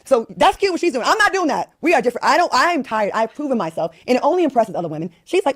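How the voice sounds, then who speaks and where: A woman in her fifties from Rhode Island rants in exasperation, swearing freely. She talks fast in a somewhat high voice. The sound is dry and close. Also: big pitch swings, no echo. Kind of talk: casual chat.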